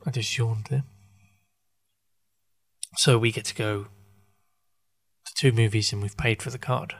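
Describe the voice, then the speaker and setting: A man hosting his own podcast, talking through a loose, halting monologue full of fillers, restarts and wry asides. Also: on the low side, fairly even intonation. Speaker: podcast host. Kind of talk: rambling casual monologue.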